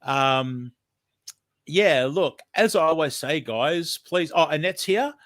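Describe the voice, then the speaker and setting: A man's voice: fairly high pitch, lively intonation, takes it slowly, a bit bright. An Australian man hosting a casual livestream, chatting in a rambling, friendly way with lots of ums, a bit sniffly from hay fever. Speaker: livestream host.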